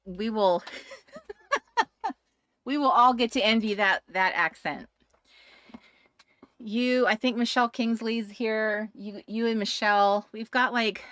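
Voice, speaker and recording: A woman's voice: medium pitch, fairly bright tone, no room sound, studio quality. A woman with a Boston accent hosting a casual crafting livestream, talking to viewers in the chat with frequent laughs and restarts. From New England, United States. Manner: chatty, laughs often, many restarts and asides to chat viewers.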